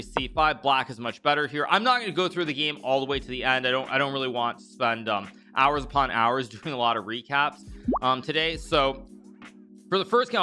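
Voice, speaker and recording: Casually commentating chess games on a live stream, this thirties-aged man talks in a mid-range voice that sounds pushed and bright. His thinking-aloud style is full of restarts and fillers, and he rattles off donor thank-yous at speed.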